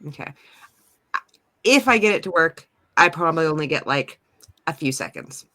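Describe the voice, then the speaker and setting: Lively bright-voiced woman player. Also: deep voice, normal speed. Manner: thinking aloud, hesitant with fillers. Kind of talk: tabletop role-play chat.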